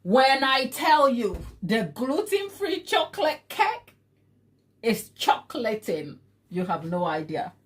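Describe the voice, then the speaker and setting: High, lively chatty woman host. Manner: chatty, teasing and quick to laugh; talks to herself to calm down. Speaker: live-stream baking host. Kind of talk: casual live-stream chat. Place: home kitchen.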